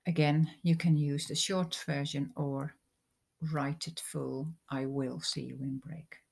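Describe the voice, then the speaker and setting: A woman's voice: low voice, steady tone, vocal fry, darkish tone, slightly rough. A woman, a teacher patiently explaining English grammar in a recorded lesson. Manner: slow, patient explaining with examples.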